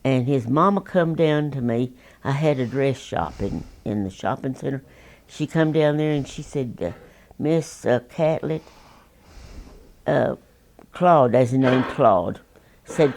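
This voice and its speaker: A woman's voice: very deep voice, animated, measured pace, darkish tone. A woman, telling oral history stories in a folksy, rambling, plainspoken way. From Texas. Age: 90s. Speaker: interviewee.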